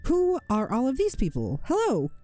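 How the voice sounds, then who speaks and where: Game master putting on a high breathless goblin woman. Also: wildly swooping pitch, normal speed, darkish tone, no room sound. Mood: flustered. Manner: breathless, fretful and eager to welcome. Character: small fussy goblin woman gardener.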